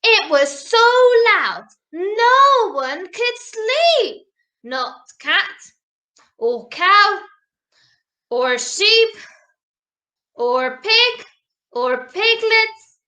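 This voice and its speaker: A woman reading a picture book aloud to children in a slow, sing-song, animated way. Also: very high-pitched. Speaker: storybook reader. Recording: roomy echo.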